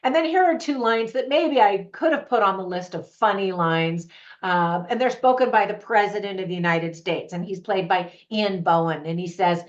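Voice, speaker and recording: A woman's voice: medium pitch, moderate pace. A woman hosting her own movie review channel, chatting to camera with opinionated, laughing asides. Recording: slightly dull lo-fi audio.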